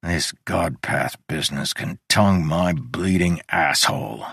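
A man's voice: extremely low pitch, a little slow, gravelly, a bit bright, slightly rough, no echo, studio quality, exaggerated voice. A man voicing a stubborn, impatient adult man who swears and grumbles at himself. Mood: grumbling.

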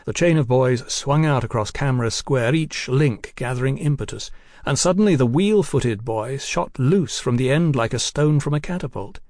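A man narrating an audiobook in a steady, even storytelling manner. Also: mid-range voice, moderate pace, no room sound, clean studio sound.

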